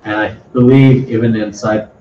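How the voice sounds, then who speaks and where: A man with a fairly low voice talks through a technical topic for a small meetup, hesitant and doubling back on his words. He sounds distant from the microphone in an echoey room, and the recording is dull with faint noise behind him. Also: steady tone, normal speed. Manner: hesitant, repeats words, unprepared. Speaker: meetup presenter. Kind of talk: casual technical talk.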